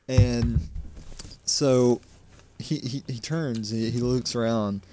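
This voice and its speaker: Young male podcast co-host, rambling storyteller, mid-pitched voice, faint hiss behind. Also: takes it slowly, long pauses, darkish tone. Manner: rambling storyteller, repeats words, laughs a lot. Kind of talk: casual chat.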